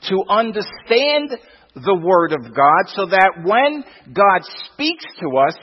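Emphatic preacher with a husky, lively voice. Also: male voice, high voice. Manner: emphatic, repeats words, rhetorical questions. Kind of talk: sermon. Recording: dull, lo-fi sound with long reverb.

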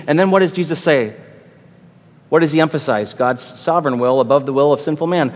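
A man's voice: on the high side, brisk, in a large hall. A man who is a pastor, preaching an expository sermon with emphatic repetition and rhetorical questions.

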